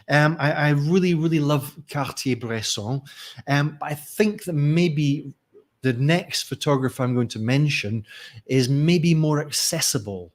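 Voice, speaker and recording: A man talking casually as a teacher trainer in a live lesson, musing aloud with frequent restarts. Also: fairly high pitch. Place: Barcelona.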